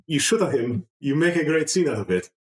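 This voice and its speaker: A man running a tabletop game as game master, chatty and relaxed, with many fillers. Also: fairly high pitch, a little fast, roomy sound, poor audio.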